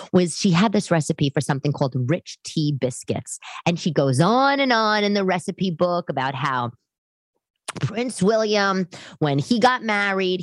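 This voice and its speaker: A low-pitched woman with a New York-area accent, chatting on her podcast and wandering off into tangents and little asides. The sound is dry and close, with no room echo. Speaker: podcast host and stand-up comic. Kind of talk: casual chat podcast. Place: living room.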